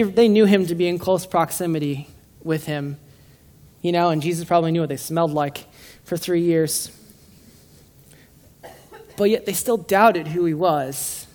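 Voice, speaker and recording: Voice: medium pitch, darkish tone. A preacher giving an informal, joking sermon to a room of listeners, often stumbling and restarting phrases. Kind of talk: casual conversational sermon. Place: room with a live congregation.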